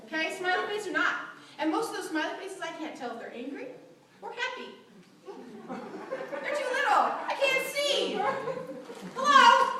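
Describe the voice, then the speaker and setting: A woman teaching a church Bible class, animated and often acting out quotes with a laugh. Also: sits high, noisy background. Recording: very echoey room, mic far off.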